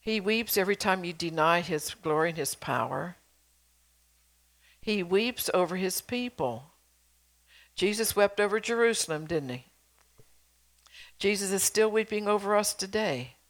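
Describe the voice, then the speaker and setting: A woman's voice: medium pitch, a little slow, pauses often. A middle-aged woman preacher delivering a sermon, earnestly exhorting her congregation with rhetorical questions.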